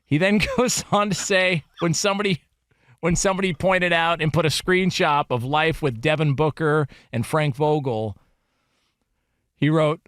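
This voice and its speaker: A man co-hosting a casual sports talk radio show, animated and emphatic as he reads quotes aloud. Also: a little high, moderate pace, no room sound, clean studio sound.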